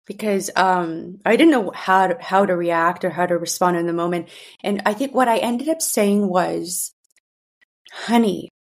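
A woman's voice: lowish voice, vocal fry. A woman in her thirties hosting a podcast, talking candidly about her family with frequent restarts and fillers. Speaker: podcast host. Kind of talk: personal monologue.

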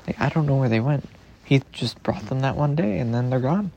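A young man talking tenderly and rambling to his girlfriend in a personal podcast, sometimes dropping into soft whispers. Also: mid-range voice, animated, a little fast, creaky, dull audio, a little hiss or hum. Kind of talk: intimate personal voice message.

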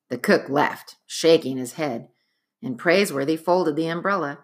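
A woman narrating a chapter book aloud in an expressive, dramatic storytelling manner. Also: low-pitched, normal speed.

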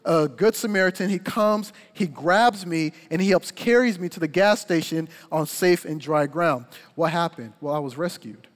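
High-voiced young preacher in a reverberant hall. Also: male voice, normal speed, few pauses. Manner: energetic storytelling preacher, lively and emphatic. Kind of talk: sermon.

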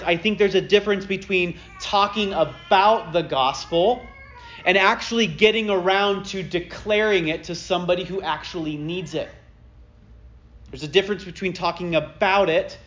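A man in his thirties delivers a sermon like he's chatting with friends, full of asides and "right?" check-ins. His voice sits a bit high for a man. The recording is muffled and lo-fi. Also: fairly bright tone. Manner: conversational, self-deprecating storytelling with frequent "like" and "right?". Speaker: pastor.

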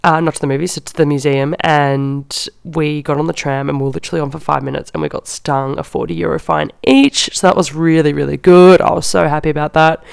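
A woman's voice: low-pitched, steady tone, a little fast, creaky, few pauses, clear, resonant tone, dry recording, studio quality. A young woman, hosting a podcast and telling a casual story in a chatty way, often saying "like". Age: young adult. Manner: chatty, heavy use of "like". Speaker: podcast host.

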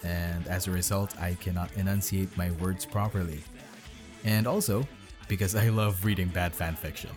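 Music plays under a man reading bad fan fiction for his podcast in his bedroom, interrupting himself with sarcastic jabs. His deep voice keeps fairly even intonation at a normal speed.

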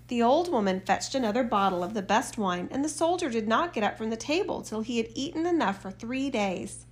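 A woman's voice: a little high, animated, fairly quick, few pauses. Woman reading a fairy tale. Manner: reads all parts with mild shifts for the characters. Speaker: storyteller. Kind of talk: fairy tale read-aloud.

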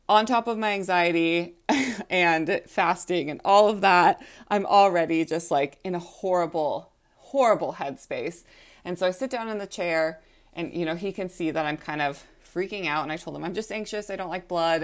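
A woman's voice: lowish voice, moderate pace. A young adult woman telling a personal story in a casual, chatty way, with frequent "like" fillers and acted-out quotes. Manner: chatty, heavy use of "like", acts out quotes.

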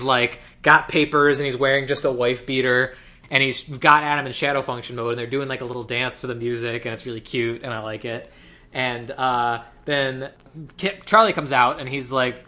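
A man casually retelling a movie plot to a co-host, animated and quoting the characters as he goes. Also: medium pitch. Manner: animated storytelling, quoting characters in quick voices. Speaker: podcast co-host. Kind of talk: casual movie recap chat.

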